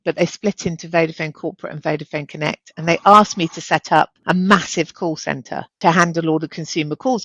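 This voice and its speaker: A woman's voice: sits low, no room sound, low-quality recording. A middle-aged woman, a chief executive, speaking as a guest in an interview, telling stories with energy and acting out the dialogue. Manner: energetic, animated storyteller, acts out quoted dialogue. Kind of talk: candid interview conversation.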